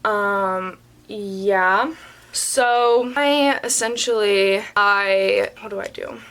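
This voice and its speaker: A young woman vlogger telling a story in a casual, animated way and saying "like" often. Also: medium pitch, very slow, clean tone. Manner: chatty and animated, heavy use of "like".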